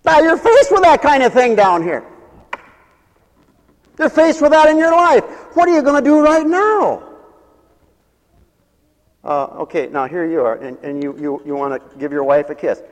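A man preaching with a high, lively voice that carries through a hall with long reverb. He is a pastor, and he acts out the voices of the people in his stories. He laughs often as he preaches. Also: normal speed, long pauses. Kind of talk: lively sermon.

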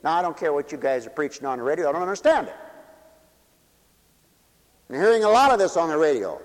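High-voiced preacher man in a reverberant hall. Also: big pitch swings, fast talker. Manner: dramatic, swings between loud peaks and hushed low drops, many rhetorical questions. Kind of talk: sermon to a congregation, also broadcast on radio.

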